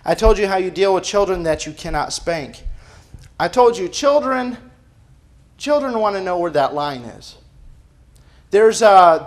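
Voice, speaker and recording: A man preaching a sermon as pastor, emphatic and firing off rhetorical questions. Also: on the high side. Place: church.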